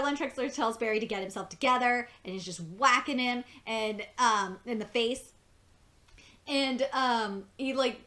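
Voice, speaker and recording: A woman giving a casual, excitable spoken review of a TV episode. She laughs often and swears freely. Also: fairly high pitch.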